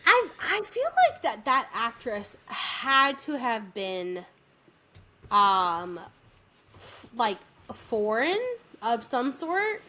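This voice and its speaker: A woman co-hosting a podcast, chatting casually and retelling a musical's plot with lively quoted voices. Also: a little high, drawn-out words. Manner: animated retelling with quoted voices, frequent fillers. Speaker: podcast co-host. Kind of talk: casual chat recapping a musical.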